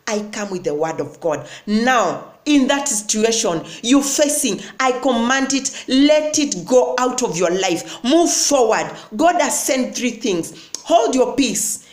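A woman's voice: a little high, echoey room. A woman preacher, giving a sermon, reading scripture, then declaring and commanding with repeated phrases. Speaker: prophetess preacher.

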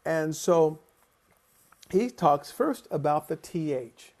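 A choral conductor giving a conference lecture over a video call, telling personal stories in an animated way and acting out the voices he quotes. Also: a little high, slow pace.

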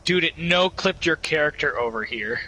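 Man, gamer buddy, laid-back, teasing, bright voice, slightly high. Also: expressive, normal speed, rough recording. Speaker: co-op game partner. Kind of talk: casual gaming chat.

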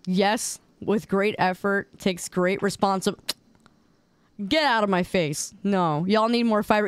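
A young woman streamer reacting to memes in casual commentary, incredulous and teasing, jumping to high exclamations. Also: expressive, measured pace, clear, resonant tone, no room sound, studio quality. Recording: stream with loud background music. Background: music under the voice.

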